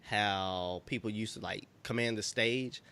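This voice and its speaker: A man with a somewhat low voice chats casually as a podcast co-host. He rambles through his stories with plenty of fillers, unhurried and easygoing. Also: smooth. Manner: relaxed storytelling, lots of fillers. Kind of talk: casual chat.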